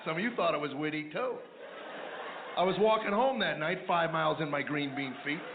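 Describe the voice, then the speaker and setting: A man performs a stand-up routine in a dry, deadpan storytelling manner. His voice sits a little high for a man. It comes through a tinny, phone-like channel with a roomy echo and faint noise behind it. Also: a little fast. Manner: deadpan storytelling with mumbling character asides. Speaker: stand-up comedian. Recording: echoey, tinny lo-fi radio replay of a live set.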